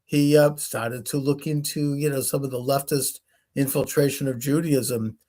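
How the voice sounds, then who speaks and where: Mellow and medium-pitched, this talk show host speaks at normal speed with fairly even intonation. He's a rambling storyteller in a casual chat, performing the voices of everyone in his anecdotes.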